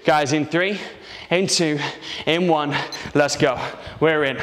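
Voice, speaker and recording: Upbeat male workout coach, counts reps, pushes you on; slightly high voice in a reverberant space. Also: slow. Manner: energetic, encouraging, counts reps aloud. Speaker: fitness instructor. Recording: roomy with long reverb.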